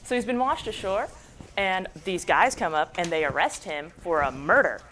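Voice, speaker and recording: A woman's voice: fairly low pitch, expressive, moderate pace, fairly bright tone, a little hiss or hum. A young adult woman giving a jokey, slangy, casual book summary as a book club presenter.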